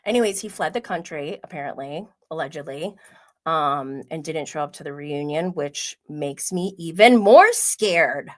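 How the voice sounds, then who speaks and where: A woman hosting a casual pop culture livestream, chatting quickly with many "like" fillers and frequent laughs. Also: low-pitched, lively intonation. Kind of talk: casual gossip chat.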